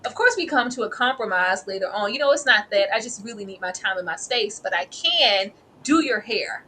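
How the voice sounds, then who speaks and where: A woman co-hosting a TV review in casual, animated chat, calling people "girl" and "baby.". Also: mid-range voice, a little fast, slight background noise, low-quality recording. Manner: animated, slips into playful character voices and laughs often; familiar, peppered with "girl" and "baby". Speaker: co-host reviewing a TV series.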